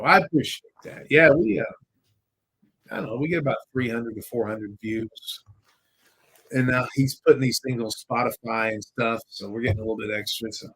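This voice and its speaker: Man, podcast host, husky voice, rambling casual chat, joking, mild swearing. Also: mid-range voice, poor audio. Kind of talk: casual live-stream chat.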